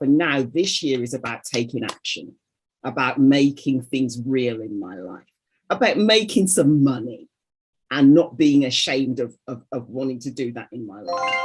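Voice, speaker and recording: Husky-voiced woman telling her story. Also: a bass voice. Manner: candid, animated storytelling with quoted inner voices. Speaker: caller on a group coaching call. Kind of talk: sharing a personal story. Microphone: video call.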